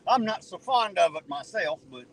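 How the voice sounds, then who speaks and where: A man's voice: sits high, expressive, moderate pace, vocal fry, fairly bright tone, rough recording. A man from southern Ohio with a slight twang, chatting folksy and profane with viewers on a live stream while driving his car. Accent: Southern Ohio, close to Kentucky and West Virginia. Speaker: livestreaming auditor. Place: in a car at night.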